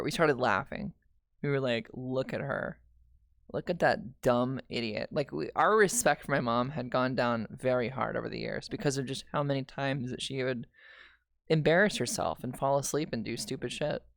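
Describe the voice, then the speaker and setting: A woman's voice: a bass voice, animated, moderate pace, creaky, no room sound, studio quality. A young woman streamer telling a painful family story in casual, candid talk, swearing and restarting often.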